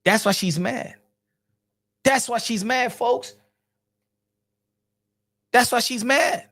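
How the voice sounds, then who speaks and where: A man hosting casual boxing reaction commentary, animated and repetitive, slangy, often laughing and calling his viewers folks. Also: very high-pitched, slow.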